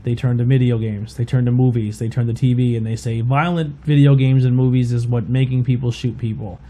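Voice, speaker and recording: A man's voice: medium pitch, steady tone, fairly quick, warm tone. A man co-hosting a podcast in casual chat, retelling comedy bits and swearing freely. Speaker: podcast co-host.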